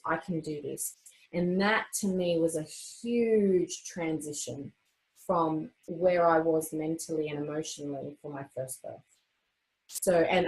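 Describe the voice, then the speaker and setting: A young woman with a slightly low voice tells her story in a relaxed, personal vlog style. She talks chattily, with plenty of "um"s, "like"s and quick restarts. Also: low-quality recording. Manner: chatty, with frequent fillers and restarts. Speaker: vlogger sharing her birth story. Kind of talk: casual personal storytelling to camera.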